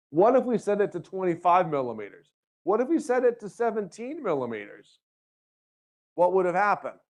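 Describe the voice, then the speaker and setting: A man's voice: fairly high pitch, a little mellow. Man lecturing, checking in constantly. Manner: checks in with frequent rhetorical questions; jokey asides to students. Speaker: university lecturer. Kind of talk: classroom lecture.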